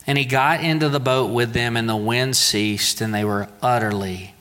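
A man's voice: mid-range voice, fairly even intonation, normal speed, hardly any pauses, fairly bright tone. A man preaching a sermon in a conversational way, with playful asides. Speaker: pastor. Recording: long hall reverb.

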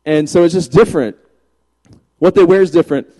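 A man in his forties from Virginia, a pastor telling funny stories in a chatty, animated sermon. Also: a little high, fairly quick. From Virginia, USA. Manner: chatty, joking, animated anecdotes. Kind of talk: humorous sermon storytelling. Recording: long reverb of a large hall.

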